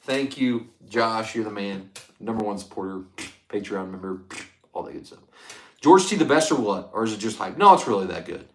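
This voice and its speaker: A man's voice: fairly low pitch, moderate pace. Chatty man hosting a whiskey livestream. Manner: chatty, reads and thanks viewer comments, excitable. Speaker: livestream host reviewing whiskey. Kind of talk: casual livestream chat. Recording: echoey room.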